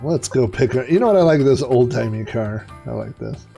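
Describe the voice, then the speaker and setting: A man's voice: medium pitch, expressive, a little fast, dark tone, faint music behind. A middle-aged man streaming retro racing games, chatting in a rambling way and cracking dad jokes. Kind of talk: casual live-stream commentary.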